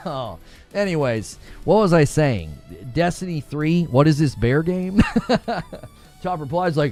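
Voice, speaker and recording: A man hosting a casual gaming livestream, animated and laughing often as he reads and answers chat. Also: on the high side, slow pace, faint music behind.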